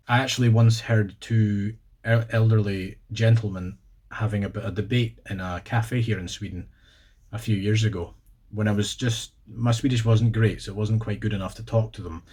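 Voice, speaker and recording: A man's voice: lowish voice, steady tone, moderate pace, a little mellow, slightly rough. A Scottish man hosting a casual video, spelling out words letter by letter and slipping in dry jokes. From Scotland. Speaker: video host. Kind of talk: casual explanatory vlog.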